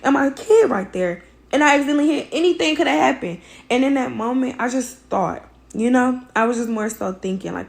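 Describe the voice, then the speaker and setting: A hoarse mother, her voice worn out, recounting a fight in a blunt, emphatic, profane way. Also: high voice, animated, a little fast. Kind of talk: casual storytelling.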